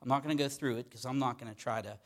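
A man's voice: medium pitch, steady tone, racing. A middle-aged man from Pittsburgh with a Pittsburgh accent, preaching a sermon in a conversational way and often checking in with "okay?". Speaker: pastor.

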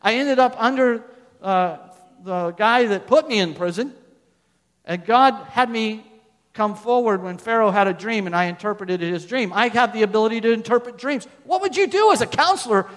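Higher-voiced man preaching in a reverberant hall. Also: moderate pace. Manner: asks the listeners questions, reads scripture aloud, loudness rises and falls. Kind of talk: sermon.

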